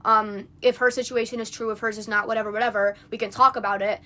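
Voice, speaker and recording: A woman's voice: a little high, steady tone, quick pace, bright, forceful tone. A young woman on a phone livestream, venting in an indignant, rambling rant full of fillers. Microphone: phone mic.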